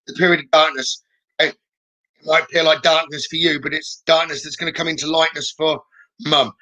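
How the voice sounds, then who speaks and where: Male psychic medium on a live stream, higher bright tone, soft reassuring delivery with hesitant pauses. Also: poor audio. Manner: gentle, reassuring, frequent "okay?" checks.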